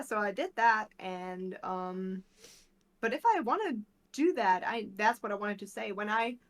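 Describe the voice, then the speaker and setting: German lady guest, chatty and loose, drops swears, accent's clear. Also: medium pitch, a bit bright. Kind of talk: casual chat.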